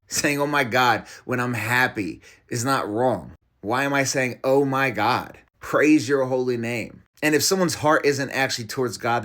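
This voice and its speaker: Low-ish guy, christian video host, emphatic, argues and reads bible verses. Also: a bit bright. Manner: emphatic, argumentative, quoting scripture. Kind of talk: reaction commentary and Bible teaching.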